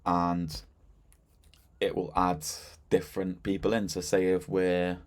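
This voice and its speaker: A man with a notably deep, low-pitched voice talks through a software demo in an easy, conversational way. He fills gaps with "um" and "so yeah" and never sounds scripted. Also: slow. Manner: relaxed and chatty, with frequent fillers and "so yeah". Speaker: software demonstrator. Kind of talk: casual screen-share product walkthrough.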